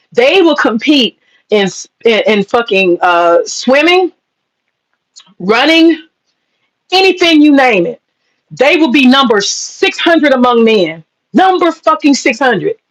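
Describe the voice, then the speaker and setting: Speaking at a normal pace, a woman whose high voice swings widely in pitch rants heatedly to her vlog audience, talking right at them. She's profane and insistent, driving points home by repeating them and saying she's getting upset, though the audio is poor.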